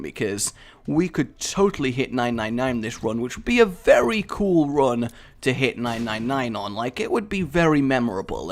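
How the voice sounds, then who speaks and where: Lively chatty male gamer. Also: mid-range voice. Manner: chatty and rambling, bursts into excited shouts. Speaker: gaming channel host. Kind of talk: let's play commentary.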